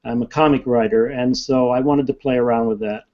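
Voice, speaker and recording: A man, an author, talking in a casual interview and telling stories in an animated way. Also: medium pitch, brisk, muffled recording. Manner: animated, talkative storyteller.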